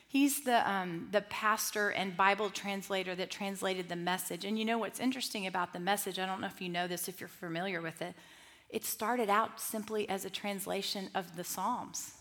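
Middle-aged woman teaching a group, animated and conversational, mid-range voice. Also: medium pitch. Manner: lively, conversational, with asides and restarts. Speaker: Bible study teacher.

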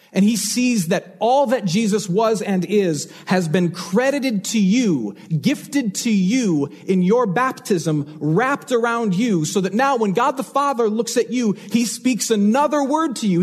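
A male pastor preaches in an earnest, emphatic way, leaning on repeated phrases. His voice sits fairly high for a man and has a husky, slightly breathy edge. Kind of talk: sermon.

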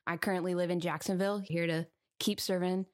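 A woman with a lowish voice talking casually as a podcast guest. She giggles often and pokes fun at herself. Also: steady tone, fairly quick. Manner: giggly, self-deprecating. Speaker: podcast guest, director of production. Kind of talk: casual chat.

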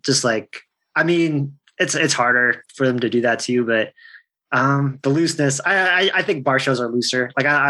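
A man's voice: medium pitch, a bit bright. A man in his thirties, a stand-up comedian, telling stories in a rambling, laid-back way, swearing freely and laughing often. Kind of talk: casual chat.

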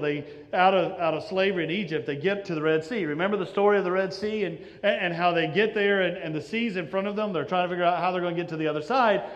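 Preaching in a big-room sound, a pastor with a high male voice weaves stories into his sermon. He performs the quoted voices of the characters, changing his inflection as he goes.

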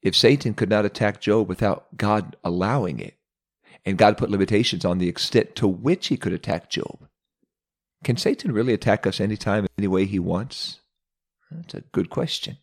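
A man's voice: on the low side, moderate pace. A man preaching a sermon, retelling a Bible story with dramatic pacing and acted character voices.

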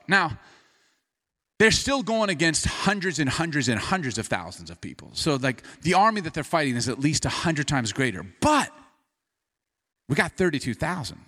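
A male pastor delivers a sermon in a loose, joking, conversational way, turning scripture into a lively story. His voice sits slightly high and moves through a very wide, animated range of pitch.

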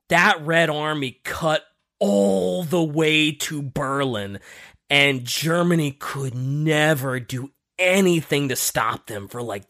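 Animated man telling a story. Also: fairly high pitch, vocal fry. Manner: lively, animated storytelling with many fillers. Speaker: podcast host. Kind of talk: casual storytelling chat.

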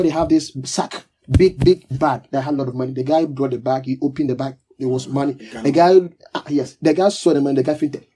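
A man's voice: medium pitch, warm tone, a little hiss or hum, rough recording. A man preaching a sermon, teaching with emphatic repetition and call-and-response with his listeners.

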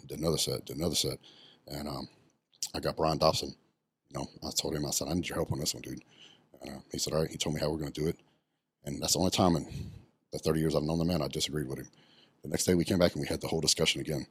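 A man's voice: extremely low pitch, fairly even intonation, rapid-fire, a bit bright, slightly rough, no room sound, clean studio sound. A middle-aged man, telling his story bluntly in a casual podcast interview, swearing often. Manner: blunt and profane, many ums. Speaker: podcast guest, retired bodybuilder.

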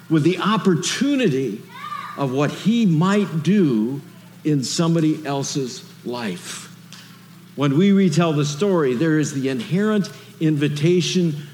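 A man preaching a sermon in a lively, conversational way, full of rhetorical questions. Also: fairly high pitch, in a large hall, a little hiss or hum. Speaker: pastor.

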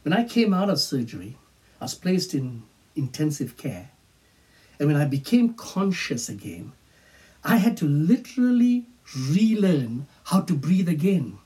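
Male pastor, sermon delivery, unhurried with hushed emphasis, somewhat distant mic. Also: on the high side, very animated. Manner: slow, emphatic preaching with whispered phrases.

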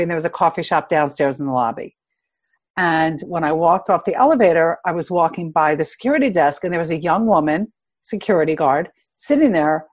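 A middle-aged woman sharing heartfelt personal stories in a casual conversation, growing lively when she quotes other people. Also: fairly low pitch. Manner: earnest, animated when quoting others.

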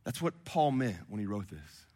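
A man in his thirties preaching a sermon to a congregation, swinging from quiet and intimate to loud and impassioned. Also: on the low side, sing-song, normal speed. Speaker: pastor. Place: church hall with congregation.

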